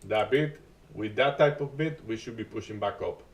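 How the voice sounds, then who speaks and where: A man hosting a live day-trading stream, talking through market moves in a halting way with many restarts and uneven grammar. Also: lowish voice, recorded from a distance, slight background noise. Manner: halting, restarts often, non-native grammar.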